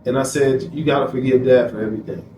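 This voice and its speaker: A man's voice: medium pitch, fairly even intonation, quick pace, mellow. A man as an interview guest, telling a personal story emphatically and quoting himself. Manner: emphatic, repeats phrases, quotes himself. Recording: echoey room, distant mic, noisy.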